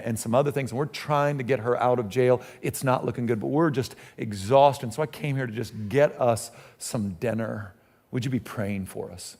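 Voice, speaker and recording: A middle-aged man, a pastor telling a story in a sermon in a conversational, animated way with frequent restarts. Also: mid-range voice, vocal fry.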